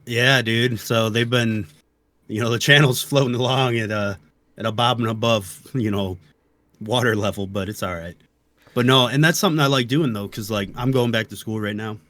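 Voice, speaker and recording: A man's voice: medium pitch, normal speed, fairly bright tone, no echo. A young man chatting casually as an interview guest, laid-back, dropping "dude" and "you know". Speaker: interview guest, game player and video creator. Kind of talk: casual conversation.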